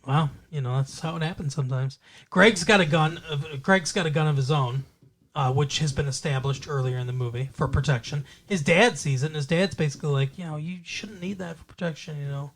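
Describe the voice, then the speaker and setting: A man co-hosting a podcast casually retells a movie plot in a loose, profane way, with frequent fillers and laughs. His voice is a little high and his delivery brisk.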